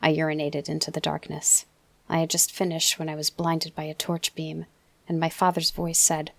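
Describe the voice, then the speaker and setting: A woman narrating an audiobook softly, often dropping into a whisper. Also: low-pitched, monotone, moderate pace, vocal fry, no echo. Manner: soft, often drops to a whisper. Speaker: audiobook reader.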